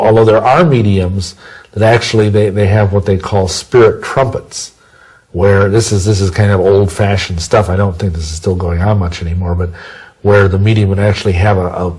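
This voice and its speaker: A man's voice: on the low side, darkish tone, slightly rough, low-quality recording. A man answering interview questions in a rambling, self-correcting way, full of folksy sayings. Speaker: interview guest.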